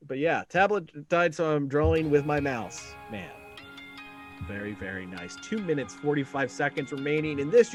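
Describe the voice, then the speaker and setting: A man's voice: medium pitch, lively intonation, moderate pace, soft background music. A man hosting a live art battle stream with jokey, announcer-style commentary, stretching words for effect.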